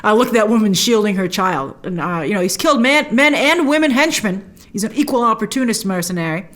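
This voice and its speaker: A woman hosting a casual TV episode review, animated and quick to act out lines from the scenes in put-on voices. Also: mid-range voice. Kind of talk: casual chat.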